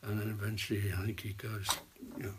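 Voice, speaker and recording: An older man, an actor, telling rambling anecdotes in an interview and dropping into hushed asides. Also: fairly low pitch, completely flat delivery, quick pace, heavy background noise. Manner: rambling storyteller, drops to hushed whispers for asides. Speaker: actor guest.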